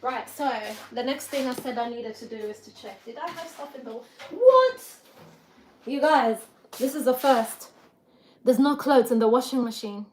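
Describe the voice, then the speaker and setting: A woman's voice: on the high side, moderate pace, a little mellow. A woman hosting a live stream from her home kitchen, rambling and laughing as she chats and does chores. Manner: rambling, chatty, laughs often, talks to herself while doing chores. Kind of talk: casual live-stream chat. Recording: echoey room with background noise.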